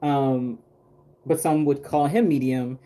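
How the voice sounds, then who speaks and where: Man, casual livestream chat, painting dolls, rambling, filler-heavy, mellow warm tone. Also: mid-range voice, fairly even intonation, takes it slowly. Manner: rambling, chatty, many fillers and restarts. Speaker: doll artist painting on a livestream.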